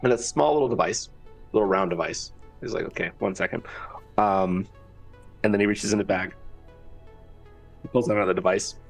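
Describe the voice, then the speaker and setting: A man's voice: on the low side, normal speed, vocal fry, pauses often, distant mic, poor audio. Rambling man player, faint music behind. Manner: rambling, filler-heavy, laughing asides. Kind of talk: tabletop role-play, in and out of character. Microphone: computer mic with keyboard.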